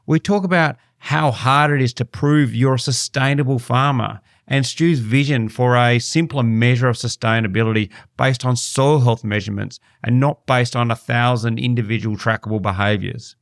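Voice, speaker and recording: This Australian man from Western Australia hosts a farming podcast, chatting in a laid-back, matey way with a remote guest in a casual interview. His mid-range voice moves at normal speed with hardly any pauses, and the studio-quality recording has no room sound.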